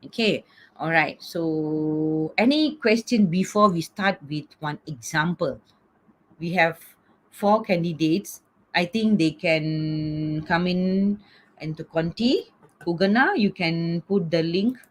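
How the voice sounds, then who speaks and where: A woman's voice: lowish voice, slow. A middle-aged woman teaching an online class over a video call, coaxing students and checking in with "okay?" after nearly every point. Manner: repeats "okay?" often, coaxing. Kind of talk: online lecture.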